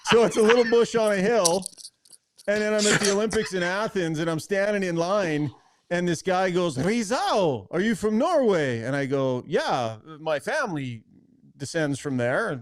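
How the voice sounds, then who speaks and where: A man in a podcast chat, telling a story in an animated way and laughing as he goes. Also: high voice.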